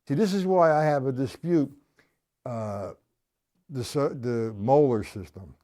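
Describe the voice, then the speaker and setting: A man's voice: medium pitch, a little slow, dark tone. A man giving a live-streamed drum lesson, talking casually, repeating his points and checking in with his viewers. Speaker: drum teacher. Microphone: live stream camera mic.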